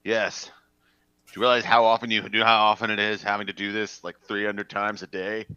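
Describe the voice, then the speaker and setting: A man's voice: on the low side, little pitch movement, fairly quick, pushed and bright, smooth, no echo, lo-fi sound. A man playing a jittery, paranoid character who is terrified of unseen monsters, in an improv comedy scene. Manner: jittery, fearful.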